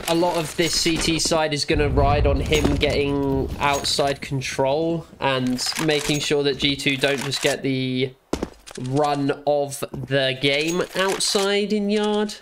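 A fairly high-pitched man talks through a match replay in a loose, joking and blunt way, full of fillers. He has the hiccups. Steady noise sits clearly behind his voice. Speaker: esports analyst reviewing a match demo. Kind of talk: casual commentary over gameplay footage.

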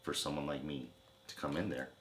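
A man's voice: extremely low pitch, fairly even intonation, a little fast, fairly bright tone, slight background noise. A young man co-hosting a trailer reaction video, trading crude, teasing jokes in casual chat. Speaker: co-host of a trailer reaction channel.

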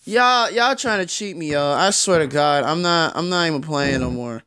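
A young man reacting out loud to a basketball video game, frustrated, swearing and yelling as he plays. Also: fairly high pitch, moderate pace, smooth. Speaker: gaming YouTuber. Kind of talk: live gameplay commentary.

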